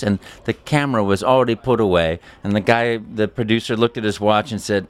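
A voice actor telling a story in an interview, animated and quick to slip into character voices. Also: male voice, lowish voice, clear, resonant tone.

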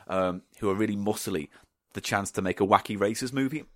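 A man's voice: lowish voice, fairly quick, no echo, clean studio sound. A man co-hosting a podcast, chatting casually, joking and swearing freely. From United Kingdom. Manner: sweary, jokey, animated. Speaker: podcast co-host. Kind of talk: casual chat.

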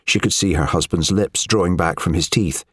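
A man narrating an audiobook in a measured, expressive storytelling manner. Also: sits low, breathy edge, dry recording, studio quality. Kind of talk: scripted narration.

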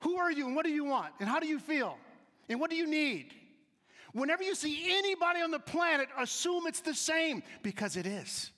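A man tells stories to a live audience in a very high, bright voice, acting out the people he quotes. He drops to quiet asides, then punches key lines loudly. The sound carries a long reverb from a large hall. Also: fairly quick. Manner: animated, acts out quoted voices, shifts between soft asides and loud emphasis. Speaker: speaker giving a talk to an audience. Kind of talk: storytelling talk with humor.

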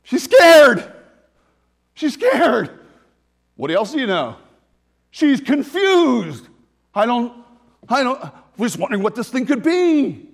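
Animated husky-voiced preacher. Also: male voice, very high voice, measured pace. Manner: animated, emphatic, self-interrupting, joking asides. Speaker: pastor. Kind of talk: sermon.

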